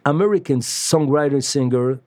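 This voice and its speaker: A man from France, a musician telling stories in an interview, halting with many fillers and restarts. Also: mid-range voice, darkish tone, dry recording. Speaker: musician guest. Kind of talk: casual storytelling interview.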